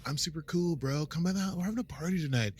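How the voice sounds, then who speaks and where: A man's voice: on the high side, quick pace, a little mellow, slightly rough, pitched above the performer's own voice. A man putting on the voice of a laid-back young surfer bro who talks in drawling slang. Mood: chill bro.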